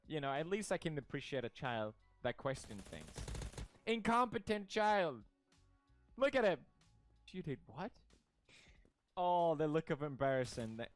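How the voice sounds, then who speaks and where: A young man from Sweden, streaming casual commentary in a jokey, mock-outraged way and laughing often. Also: mid-range voice.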